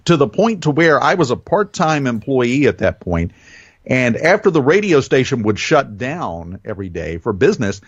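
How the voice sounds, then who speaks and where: A seasoned radio man with a light Southern accent, talking in a lively, up-and-down voice. He speeds up and slows down on purpose, like a born storyteller. The sound is dry and a little muffled, as if over a remote line. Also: no echo. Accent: Southern American, softened. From American South. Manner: animated storyteller, varies speed and pitch deliberately. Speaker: radio host, guest. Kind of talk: conversational podcast interview.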